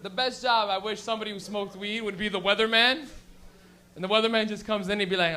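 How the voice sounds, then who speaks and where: High-voiced man doing profane stand-up. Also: fast talker, slight background noise. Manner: loose, profane, animated storytelling with acted-out bits. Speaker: stand-up comedian. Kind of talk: stand-up comedy set. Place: small comedy venue.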